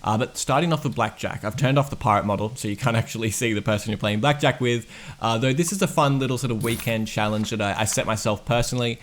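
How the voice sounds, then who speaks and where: A man's voice: mid-range voice, fast talker. A game developer, a man, casually walking through his progress in a dev diary, rambling and enthusiastic with lots of fillers.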